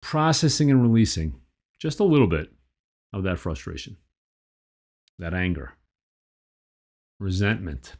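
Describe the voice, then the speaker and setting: Man, lowish voice, very animated pitch, guided tapping session, repeat-after-me phrasing. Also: a little slow, pauses often. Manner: repeats phrases for the listener to echo, swings from calm to heated. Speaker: tapping practitioner.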